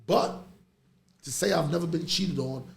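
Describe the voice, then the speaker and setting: A middle-aged man, hosting a podcast in casual chat and telling stories with animated energy. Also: a little high, normal speed, creaky. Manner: animated storytelling, laughs through stories. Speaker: podcast host. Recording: echoey room with faint noise.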